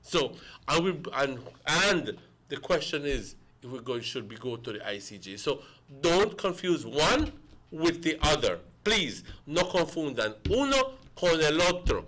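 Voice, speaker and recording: A man's voice: fairly high pitch, very animated, measured pace, a bit bright. A man, a guest on a morning talk show, arguing emphatically and repeating words for stress. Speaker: guest commentator.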